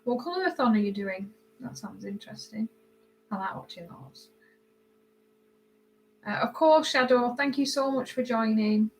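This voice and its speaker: Coloring during a casual live stream, a British host with a fairly high, expressive voice welcomes viewers by name and replies to their comments at a moderate pace. She pauses often, and her voice tends to fade as she focuses. Soft background music accompanies the rough recording.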